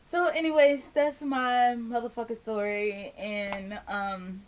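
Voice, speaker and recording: A young woman vlogger telling a funny personal story to camera, animated and sarcastic, laughing as she goes. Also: on the high side, slow pace, slight background noise.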